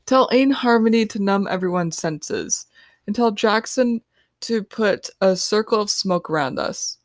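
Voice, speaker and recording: A woman voicing a young female team leader who gives quick, quiet orders. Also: medium pitch, animated, dry recording, clean studio sound, voice pushed up, natural voice. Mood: urgent. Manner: hushed, hurried orders.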